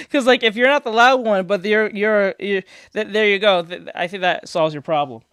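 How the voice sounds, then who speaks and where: A man's voice: high-pitched, normal speed, fairly bright tone, smooth, no echo. A man chatting casually on a stream, answering viewers and explaining things in a rambling way, restarting sentences and laughing at his own jokes. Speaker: streamer reacting to viewer comments. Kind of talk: casual live-stream chat. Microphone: desk microphone.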